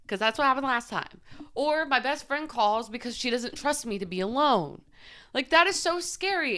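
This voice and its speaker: A young woman talks through a confessional podcast monologue, open and emotional, dropping "like" all over. Her voice sits a little high and comes across bright and very clear. It sounds personal and unpolished rather than scripted. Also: lively intonation, fairly quick. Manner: confessional, heavy use of "like", emotional. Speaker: podcast host.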